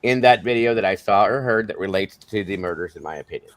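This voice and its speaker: A man hosting a casual online panel, measured and careful to hedge his opinions. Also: lowish voice, no echo. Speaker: host.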